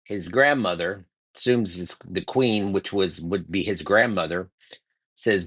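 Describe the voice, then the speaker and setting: A man's voice: fairly low pitch, measured pace, no echo. A man preaching in a casual devotional style, retelling a scripture story in slangy, conversational words with emphatic repetition.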